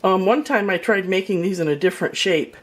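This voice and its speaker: A woman's voice: mid-range voice, fairly quick. An older woman giving a chatty, folksy cooking demonstration in her home kitchen, with storytelling asides. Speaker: home cook.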